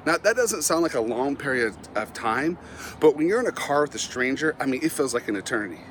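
A middle-aged man, a Christian motivational speaker, telling humorous stories about himself in an animated, self-mocking way and often laughing at his own tales. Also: mid-range voice, a little fast, slight background noise. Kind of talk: humorous storytelling talk.

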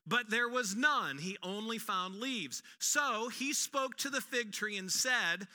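A male pastor giving a sermon, an animated storyteller who acts out quotes with humor, in an echoey hall. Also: sits high, slow pace, hardly any pauses.

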